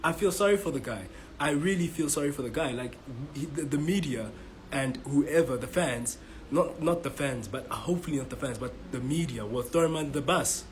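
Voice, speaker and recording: A South African football fan vlogger reacts to a match in frustration, swearing, stumbling and restarting his sentences over and over. His voice is a little high and fairly quick, on a low-quality recording with slight background noise.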